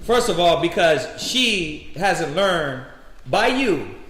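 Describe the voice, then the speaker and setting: A man preaching and teaching a scripture class in an animated, preachy way. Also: a little high, slow, noisy background. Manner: animated, preachy, acts out quotes. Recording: echoey hall.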